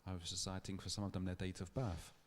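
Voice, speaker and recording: A man giving a public lecture, telling a story in a thoughtful, measured way with small restarts. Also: low-pitched, level tone. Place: lecture hall.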